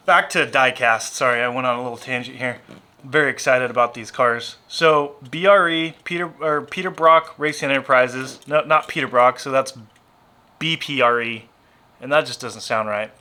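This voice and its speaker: Rambling, bright-voiced Southern man. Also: mid-range voice, moderate pace. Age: adult, married. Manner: rambling, self-deprecating, goes off on tangents. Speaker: diecast collector vlogger. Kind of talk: casual chat.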